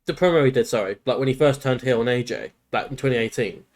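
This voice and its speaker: A man chatting casually on a podcast in a loose, eager way. He keeps dropping "like" between his thoughts. His voice sits at an ordinary middle pitch. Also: fast. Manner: loose, enthusiastic, says "like" constantly. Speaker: podcast co-host. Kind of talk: casual chat.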